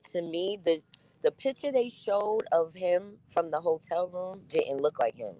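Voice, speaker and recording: Speaking in a lowish voice on poor audio, a profane, talkative New York streamer goes through her viewers' comments in a casual live-stream chat. She's blunt and laughs frequently.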